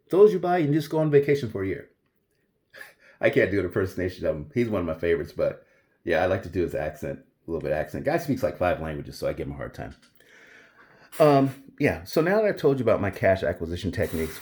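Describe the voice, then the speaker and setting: Man, host, low voice, very expressive pitch, emphatic, casual monologue. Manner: animated, emphatic, repeats key points.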